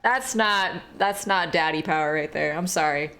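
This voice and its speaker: A woman's voice: low-pitched, normal speed, sharp tone, a little hiss or hum. A woman streaming a horror game, chatting casually, joking and swearing freely as she plays. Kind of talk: casual gaming commentary.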